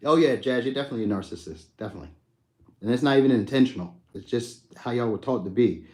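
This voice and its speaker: A young adult man runs a live stream, speaking quickly at medium pitch. He's laid-back and slangy, reading out viewers' comments and answering them by name.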